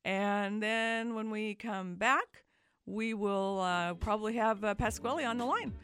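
A woman's voice: mid-range voice, measured pace, fairly bright tone, soft background music. A woman hosting a radio talk show, chatty and upbeat. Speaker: radio host.

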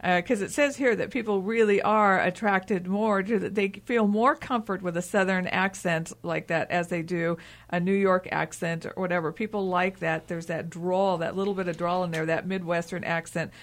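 A woman's voice: on the low side, steady tone, moderate pace. Chatty woman hosting a talk show. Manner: chatty, with many restarts. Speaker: radio talk show host. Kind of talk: interview talk.

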